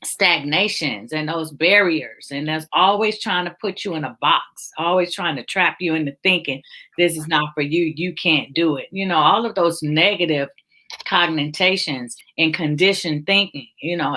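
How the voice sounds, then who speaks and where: Bright-voiced woman hosting a chat. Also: low-pitched, moderate pace. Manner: emotional, encouraging. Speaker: host. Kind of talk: casual chat.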